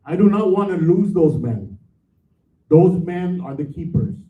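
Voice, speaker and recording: A man's voice: high voice, animated, unhurried. A man, a division manager speaking bluntly and with frustration during public comment at a board meeting. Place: meeting hall. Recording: echoey room, far from mic, tinny.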